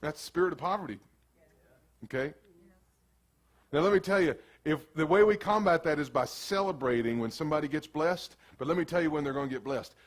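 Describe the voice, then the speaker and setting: A man preaching a sermon as pastor in a casual, animated way, slipping into quick acted asides. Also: fairly high pitch.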